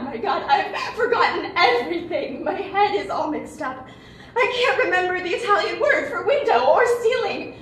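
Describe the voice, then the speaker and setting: A woman's voice: very high voice, heavily acted. An actress as a weeping despairing young woman. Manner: tearful, breaking between sobs and hushed despair. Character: despairing young woman near twenty-four. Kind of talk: stage acting. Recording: distant, echoey room, faint noise.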